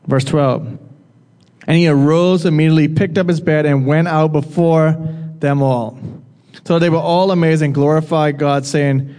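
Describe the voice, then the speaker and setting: Guy preaching, chatty, quizzes the crowd, kinda high voice, long echo like a big church. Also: steady tone, moderate pace, mellow. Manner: conversational, asks the audience questions and jokes with them. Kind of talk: sermon.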